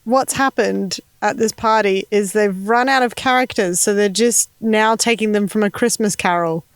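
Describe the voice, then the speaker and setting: A woman comedian guest on a podcast, throwing in quick witty quips. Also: medium pitch, smooth, dry recording.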